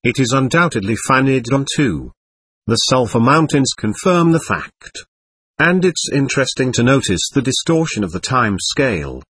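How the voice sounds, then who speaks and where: A man voicing a calm, scholarly alien overlord who explains things in a measured way, in a storybook reading. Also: medium pitch, breathy edge, no room sound. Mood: analytical.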